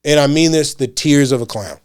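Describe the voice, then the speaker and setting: A man who is a stand-up comedian, talking in a casual podcast chat with animated, profane, laughing riffs. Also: on the high side, brisk, clean tone, no room sound, clean studio sound.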